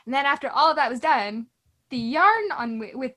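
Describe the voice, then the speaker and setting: Woman, high voice, chatty, self-deprecating, laughs a lot, casual podcast chat. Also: animated, moderate pace, bright, forceful tone. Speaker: podcast co-host.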